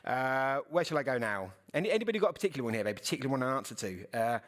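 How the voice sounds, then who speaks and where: A middle-aged man from the United Kingdom speaking on a conference panel, talking fast and earnestly, often restarting his sentences. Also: medium pitch, sing-song, fairly bright tone. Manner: fast, earnest, self-correcting.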